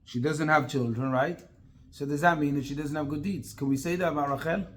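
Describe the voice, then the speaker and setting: Male rabbi, slightly raised pitch, animated teacher who quizzes the room. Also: brisk. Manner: animated, asks the class many rhetorical questions. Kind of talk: interactive Torah class.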